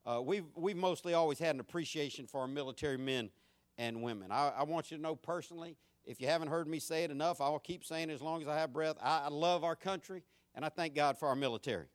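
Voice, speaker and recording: A man's voice: a little high, fast talker, no room sound, clean studio sound. A middle-aged man with a Southern US accent, preaching a sermon earnestly and building to fiery emphasis. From North Florida, US. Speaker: pastor.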